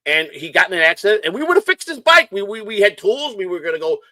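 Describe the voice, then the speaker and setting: A man's voice: sits high, very animated, fast, pushed and bright, no room sound. A middle-aged man from Chicago, hosting a casual livestream chat and telling rambling, profane stories in a hyper, nonstop way. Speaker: show host.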